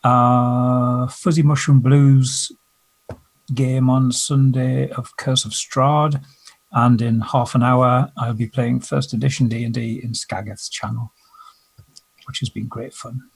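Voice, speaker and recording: A man's voice: medium pitch, little pitch movement, slow, vocal fry. A man who plays tabletop games online, telling viewers casually where to find him. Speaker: player. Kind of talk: casual chat.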